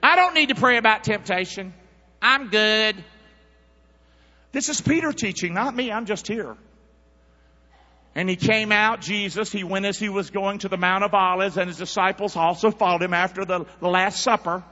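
A man preaching a sermon, calling on the congregation to answer back and swinging between loud and hushed. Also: sits high, moderate pace. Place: church. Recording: dull sound with long church reverb.

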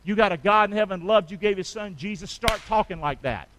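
Middle-aged male pastor, high bright voice, call-and-response preaching with amens. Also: a little fast, few pauses, no room sound, low-quality recording. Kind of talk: sermon.

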